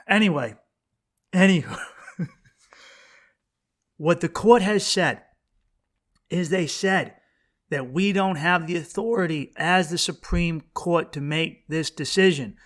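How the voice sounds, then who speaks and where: A man's voice: a little high, measured pace, long pauses, a bit bright. A man hosting his own podcast alone, rambling bluntly and profanely, often restarting sentences and throwing rhetorical questions at the listener. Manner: rambling, profane, self-interrupting with frequent restarts. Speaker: podcast host. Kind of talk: casual solo podcast monologue.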